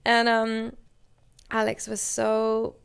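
A woman's voice: a little high, steady tone, normal speed, vocal fry, smooth. A young adult woman casually telling a personal story, chatty and full of "like," acting out what people said to her. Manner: chatty, many "like" fillers, acts out quoted dialogue.

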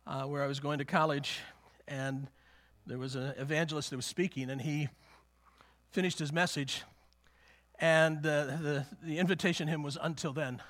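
Halting preacher man, fairly high voice. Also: a bit bright. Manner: halting, repeats words, often chuckling. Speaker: pastor. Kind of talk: sermon with personal story. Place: church.

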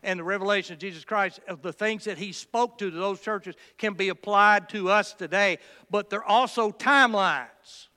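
A man preaches with impassioned fervor, his smooth, resonant voice rising high whenever he hammers a point home. He often halts and restarts his phrases as the message builds. The sound rings with the long reverb of a large hall. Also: normal speed, hardly any pauses, sharp tone. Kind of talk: sermon.

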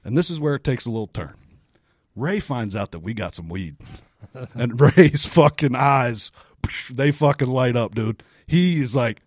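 A man co-hosting a podcast, telling a story in a casual, profane, animated way with frequent laughs. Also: medium pitch, measured pace, dry recording, clean studio sound. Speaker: podcast co-host.

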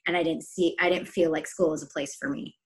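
A woman's voice: deep voice, fairly even intonation, brisk. A woman teacher speaking passionately and emphatically in a conversation. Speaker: teacher, podcast guest. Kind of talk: casual conversation.

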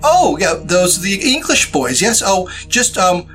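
A man's voice: sits high, big pitch swings, unhurried, fairly bright tone, soft background music, full character voice. Man doing a flustered, polite older woman. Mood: flustered politeness. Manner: flustered, stammering, sweetly polite. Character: polite older woman homeowner, mid sixties.

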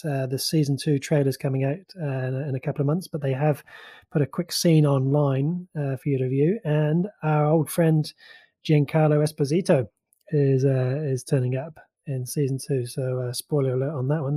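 A man's voice: mid-range voice, steady tone, normal speed, warm tone, dry recording. A man co-hosting a podcast, reading pop-culture news in a chatty, rambling way with many fillers. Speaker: podcast co-host.

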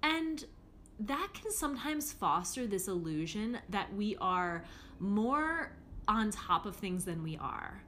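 Young adult woman, life-coach podcast host; frank, chatty delivery, full of fillers, average pitch. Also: sing-song, slow pace, fairly bright tone, a little hiss or hum. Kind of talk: casual podcast monologue.

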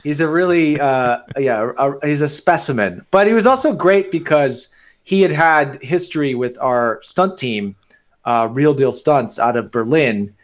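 A filmmaker talking in a casual interview, hesitant, with many fillers and restarts. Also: male voice, medium pitch, lively intonation, measured pace.

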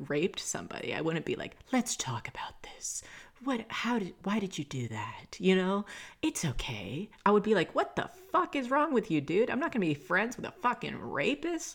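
A woman's voice: low voice, creaky. A young woman hosting a casual solo podcast, chatty and swearing often as she talks things through. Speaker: podcast host.

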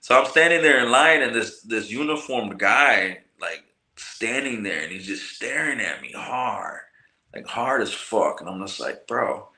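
A man's voice: medium pitch, measured pace. A man from telling a long story in casual, profane slang, acting out the people he quotes. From Michigan, US. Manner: profane, slangy, animated retelling with quoted voices. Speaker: podcast guest, cannabis grower. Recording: roomy echo.

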